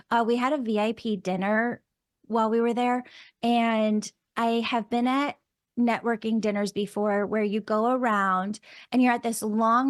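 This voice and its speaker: A woman's voice: on the high side, no room sound, studio quality. A woman hosting a podcast, telling a story in casual chat with gushing enthusiasm and lots of "like" and "oh my God". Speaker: podcast host and medium.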